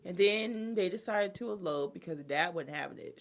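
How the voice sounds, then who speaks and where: A woman tells a juicy story on a chat show and puts on everyone's voices as she goes. Her pitch jumps all over the place. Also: normal speed, hardly any pauses, a little hiss or hum. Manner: animated storytelling, acting out people's lines. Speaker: podcast co-host. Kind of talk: casual gossip chat.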